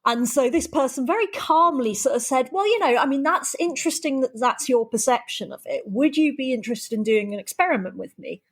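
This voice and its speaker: A woman's voice: high-pitched, animated, a little fast, few pauses. A woman hosting a podcast, chatting casually, laughing often and wandering off on tangents. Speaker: podcast host.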